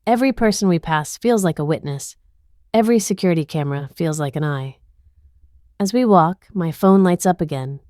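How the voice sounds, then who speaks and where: Woman reading a tense first-person drama, lowish voice, super dry close sound. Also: darkish tone, dry recording. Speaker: narrator.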